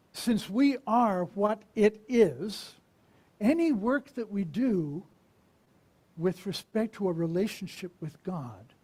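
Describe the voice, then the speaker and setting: Slow, mellow-voiced minister preaching. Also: medium pitch. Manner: conversational, asks the congregation questions; unhurried and reflective, with pauses. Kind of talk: sermon.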